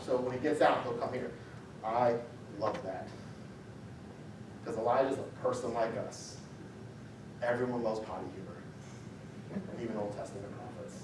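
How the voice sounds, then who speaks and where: Animated preacher in an echoey church. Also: male voice, fairly high pitch, moderate pace, long pauses, slight background noise. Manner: animated, acts out the story with raised voice for quotes. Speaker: pastor. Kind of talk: sermon. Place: church sanctuary. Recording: echoey church sanctuary, mic at a distance.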